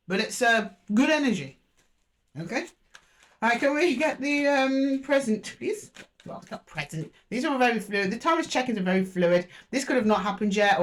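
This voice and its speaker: A woman reads tarot cards aloud in a relaxed, chatty way, thinking out loud as she turns each card. She talks to her listeners with easy fondness, at a middling pitch for a woman. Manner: chatty, musing aloud, addresses listeners fondly. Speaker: tarot reader. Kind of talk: intuitive tarot reading to camera.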